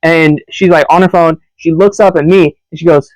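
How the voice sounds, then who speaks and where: A man's voice: on the high side, fairly quick, dry recording, poor audio. A young man co-hosting a podcast, telling a story in casual chat and acting out the voices of the people in it. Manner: animated storyteller who acts out quoted voices. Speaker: podcast co-host.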